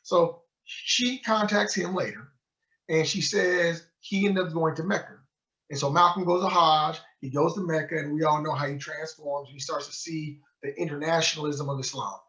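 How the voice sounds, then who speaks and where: A man with a slightly high voice, speaking at a moderate pace, plays a sheikh at a book club and tells a story with lively energy, acting out its quoted dialogue. It's a storytelling lecture, captured on a muffled, lo-fi recording.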